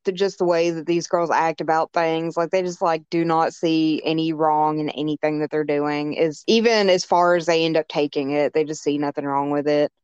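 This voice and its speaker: Smooth-voiced woman recapping a film plot. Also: sits low, moderate pace, hardly any pauses, no echo, highs cut off. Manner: relaxed plot recapping with many fillers. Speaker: podcast co-host. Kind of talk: casual movie review chat.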